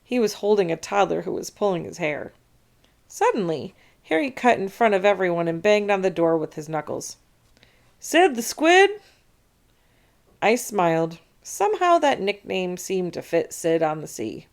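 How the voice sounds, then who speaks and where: A woman reading a children's chapter book aloud, narrating with expressive storytelling. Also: on the low side, moderate pace, gravelly.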